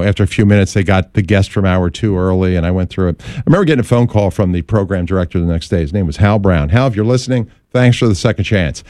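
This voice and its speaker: A man's voice: on the low side, no echo, clean studio sound. A middle-aged man, a Catholic radio host, telling a story in a casual interview and acting out the voices in it. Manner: animated anecdotal storyteller, acts out quotes.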